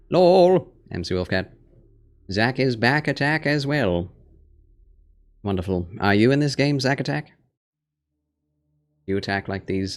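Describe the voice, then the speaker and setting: A man streaming a horror game for his chat, chatting casually and cooing at his cat. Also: on the low side. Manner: talks baby talk and whispers to his cat. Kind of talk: casual gameplay livestream chat.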